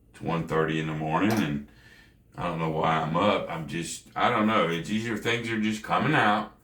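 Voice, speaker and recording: A man's voice: on the low side, fairly bright tone, roomy sound. A man hosting a gambling channel, talking late at night in a casual, slangy monologue and lecturing the viewer in a folksy way.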